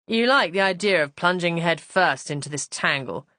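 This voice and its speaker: Woman doing a languid, teasing gentleman. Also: lowish voice, lively intonation, normal speed, dry recording. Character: dry, teasing aristocratic husband.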